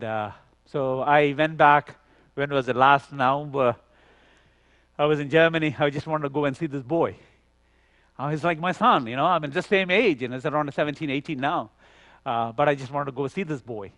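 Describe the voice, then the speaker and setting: A man preaching at a youth conference, telling a story with lively acted dialogue and frequent "you know". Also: mid-range voice, normal speed, pauses often, no echo. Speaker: conference speaker. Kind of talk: sermon storytelling.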